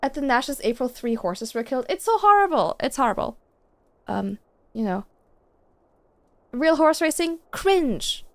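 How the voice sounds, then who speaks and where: A woman's voice: fairly high pitch, big pitch swings, moderate pace. A young woman streaming games, chatting casually and gushing to her chat with giggles.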